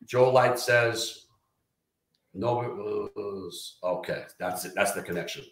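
A man telling profane, animated stories from his firefighting career in a casual interview. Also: lowish voice, takes it slowly, gravelly. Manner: profane, animated anecdotes with quoted dialogue. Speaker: retired fire lieutenant guest. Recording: roomy echo.

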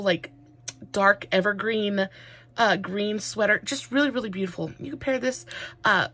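A woman talks her way through a makeup tutorial, gushing and wandering with plenty of fillers. Her voice sits at a middle pitch with a husky edge to it. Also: a bit bright. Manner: rambling, many fillers, gushing. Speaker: makeup vlogger.

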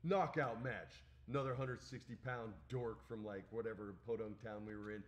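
Animated man telling a story. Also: on the low side, normal speed, crowd noise. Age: 40s. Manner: animated storytelling, acts out quoted lines, swears freely. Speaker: podcast co-host. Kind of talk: casual chat.

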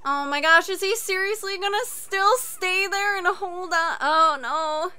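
High-pitched, excitable woman reacting. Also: measured pace, few pauses. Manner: excitable, gasping, frequent exclamations and shouts. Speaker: anime reaction host. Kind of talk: reacting live to an anime.

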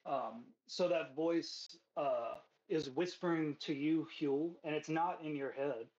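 A man's voice: a little high, slow, darkish tone. A man narrating as game master in a tabletop game, casual and full of fillers, a bit out of breath. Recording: dull lo-fi stream mic.

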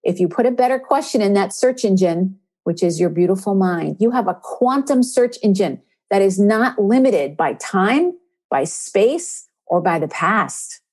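A woman's voice: medium pitch, a little mellow, husky. Female spiritual coach hosting a podcast, encouraging, leans on key words. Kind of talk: inspirational podcast talk.

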